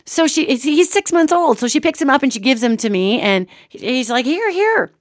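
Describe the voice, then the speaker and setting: A woman's voice: high-pitched, a little fast, no room sound, studio quality. A woman radio host telling a casual, chatty personal story and talking straight to her listeners. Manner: animated and chatty, addresses listeners as gang.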